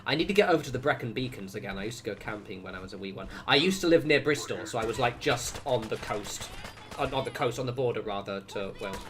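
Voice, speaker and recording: A game streamer from Wiltshire in Southwest England, with a Southern English accent, rambles casually during a gameplay livestream, reacting out loud and swearing occasionally. His medium-pitched voice is expressive and fast, with music playing behind him.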